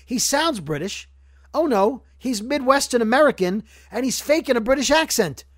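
A man from Brooklyn with a high-pitched voice, chatting loosely as a podcast host. He rambles, jokes and keeps restarting his sentences. The sound is dry and close. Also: expressive, normal speed, dry recording. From Brooklyn, New York. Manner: rambling, joking, self-correcting. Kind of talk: casual podcast chat.

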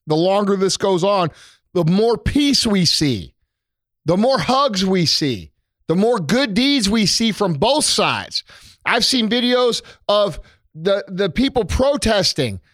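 A man's voice: sits high, expressive, measured pace, a bit bright, dry recording, studio quality. A man co-hosting a podcast, giving a heated, profane, preachy rant about what people should do. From United States. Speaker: podcast co-host.

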